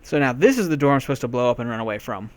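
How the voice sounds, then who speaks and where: A man's voice: mid-range voice, expressive, very fast. A man giving a playful, sarcastic voice-over commentary on a video game. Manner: sarcastic, self-mocking, playful. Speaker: let's-play commentator.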